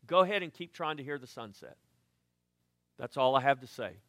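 An older man, a pastor, preaching a sermon with lively swings between quiet asides and loud emphatic bursts. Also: mid-range voice, moderate pace, no echo, studio quality.

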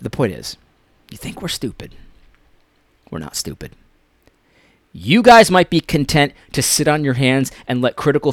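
A man giving impassioned commentary, preachy and repetitive, swinging between loud emphasis and near-whispered lines. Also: medium pitch, dry recording, studio quality.

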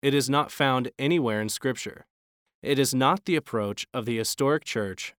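A man's voice: medium pitch, normal speed, a bit bright, clear, resonant tone, no room sound, studio quality. A man reading his own opinion piece aloud, in a formal, pointed and wry manner. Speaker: author reading his own blog post. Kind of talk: read-aloud opinion commentary.

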